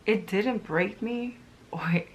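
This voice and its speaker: Slowly and at medium pitch, a middle-aged vlogger delivers a casual motivational talk to her viewers. Earnest and emphatic, she keeps repeating phrases to drive her points home.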